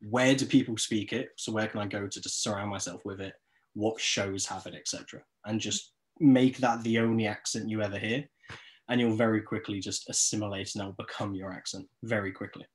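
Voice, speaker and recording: A man's voice: lowish voice, steady tone, a little fast, poor audio. A man co-hosting a podcast, giving earnest, practical advice in a casual chat. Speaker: podcast co-host.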